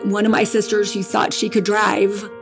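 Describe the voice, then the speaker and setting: A middle-aged woman telling a painful personal story as an interview guest, halting and grief-laden, often restarting her sentences. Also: mid-range voice, completely flat delivery, vocal fry, over music. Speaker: interview guest, bereaved mother.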